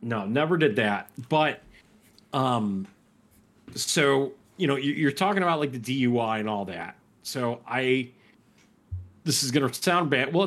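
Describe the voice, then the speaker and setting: Laid-back man chatting casually. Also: medium pitch. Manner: relaxed, backchannels often, tells stories in a laid-back way. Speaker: podcast co-host. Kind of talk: casual chat.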